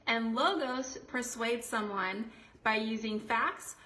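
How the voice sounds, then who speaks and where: Female tutor, clear explainer, fairly high-pitched, roomy echo on the recording. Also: slow, bright, forceful tone, slight background noise. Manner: clear, explains each term with quoted examples. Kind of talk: explanatory lesson. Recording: echoey room.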